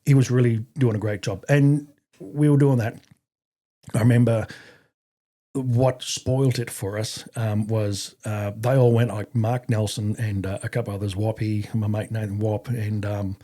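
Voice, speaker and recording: A man's voice: fairly low pitch, unhurried. A middle-aged Australian man, a podcast guest and army veteran, telling a story casually and profanely, acting out what others said. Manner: profane, animated, acts out quoted voices.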